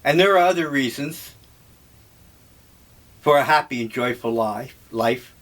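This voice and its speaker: An older man talking over breakfast in a slow, musing, rambling monologue. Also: mid-range voice, fairly bright tone. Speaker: vlogger.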